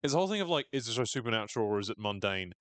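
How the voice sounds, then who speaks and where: A man co-hosting a casual podcast recap, animated and jokey, acting out lines in quick silly voices. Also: fairly low pitch, no echo. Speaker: podcast co-host.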